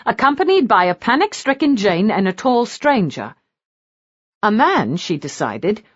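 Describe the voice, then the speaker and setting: A woman narrating a historical romance audiobook in an expressive, animated reading style. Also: mid-range voice, breathy edge, dry recording, highs cut off.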